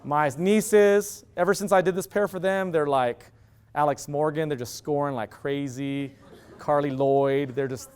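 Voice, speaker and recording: A middle-aged man giving an animated storytelling lecture, acting out quoted dialogue. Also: on the high side, unhurried, clean tone. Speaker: university lecturer.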